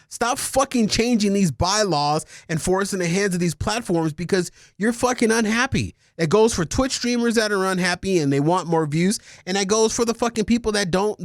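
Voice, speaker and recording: A man's voice: high-pitched, dry recording, clean studio sound. A man co-hosting a casual podcast, ranting emphatically and swearing often. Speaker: podcast co-host.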